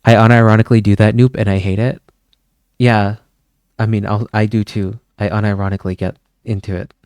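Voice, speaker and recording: A young man from Pennsylvania hosts a live stream, rambling in easy, casual chat and drifting off on tangents. His voice is on the low side and sounds dry and close to the mic. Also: darkish tone, clean tone, no echo. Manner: rambling, chatty, wanders off on tangents. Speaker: livestream host.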